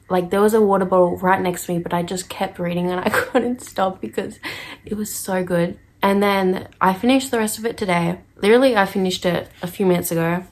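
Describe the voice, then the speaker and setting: A woman chatting casually in a reading vlog, gushing and excitable, repeating herself and laughing often. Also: mid-range voice, slight background noise. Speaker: book vlogger.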